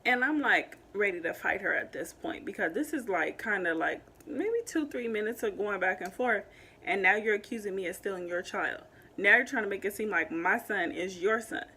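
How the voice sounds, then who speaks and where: A young woman in a casual storytime vlog, talking animatedly with many fillers and growing loud when upset. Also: medium pitch, animated, moderate pace, husky. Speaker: vlogger telling a story.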